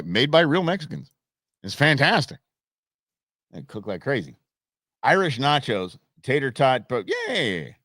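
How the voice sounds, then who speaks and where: A man hosting a live stream show, ranting and joking in a casual, animated way. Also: medium pitch, dry recording, studio quality. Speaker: host. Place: Phoenix.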